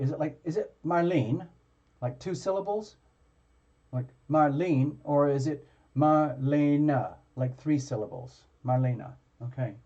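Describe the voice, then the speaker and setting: A man hosting a live tarot reading stream, chatting casually with viewers in a halting way, full of fillers and restarts. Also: on the high side, warm tone, lo-fi sound.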